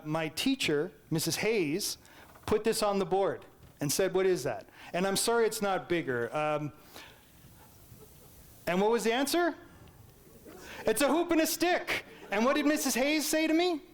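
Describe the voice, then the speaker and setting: A man with a high, light voice and a Canadian accent gives a public lecture. He tells his story in a playful, animated way, puts questions to the audience and acts out the voices of his teachers. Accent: Canadian English.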